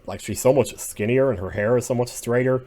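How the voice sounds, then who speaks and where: A man giving casual solo commentary as he ranks TV episodes, rambling and opinionated, drifting between quiet muttering and sudden outbursts. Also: mid-range voice, a little fast. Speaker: video creator ranking TV episodes.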